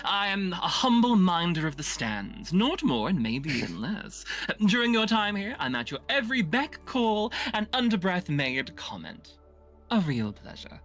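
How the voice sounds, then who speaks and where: A woman's voice: lowish voice, very animated, unhurried, soft background music. A woman voicing a sly, theatrical fae steward who talks in flowery, fawning phrases and pet names. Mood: grand.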